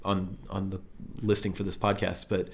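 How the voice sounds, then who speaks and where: A man co-hosting a podcast in casual chat, rambling and hesitant with many fillers, playful and quick to laugh. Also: sits low, flat delivery, gravelly, a little hiss or hum. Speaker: podcast co-host.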